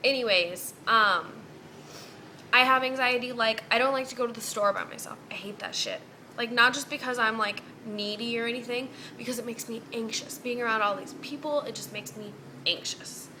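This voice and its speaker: A woman's voice: a little high, moderate pace, sharp tone, a little hiss or hum. A young woman in a casual vlog, venting bluntly and cursing freely. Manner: blunt, heavy cursing, exasperated. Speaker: vlogger.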